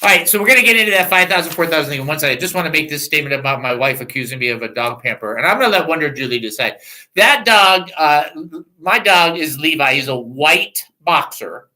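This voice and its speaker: A man's voice: fairly high pitch, quick pace, poor audio. A man hosting a Christian call-in radio talk show, joking and laughing as he talks from a studio microphone. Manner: animated, laughing, joking asides.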